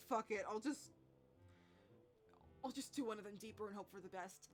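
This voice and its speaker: A woman's voice: mid-range voice, a little slow, soft background music. A woman streamer reading a story game aloud, making wry, swearing asides between character lines.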